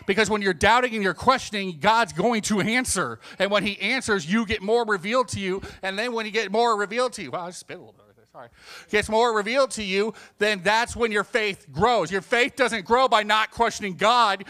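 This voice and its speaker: Guy preaching, kinda high voice, goes quiet then loud, acts out the lines he quotes. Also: a little fast. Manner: animated, swings between hushed and emphatic. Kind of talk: sermon.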